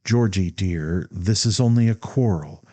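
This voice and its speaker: Man reading timid middle-aged mother, faltering, stammering, gentle, raised a bit from a deep mellow voice. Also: a little slow, no echo. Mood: timid pleading.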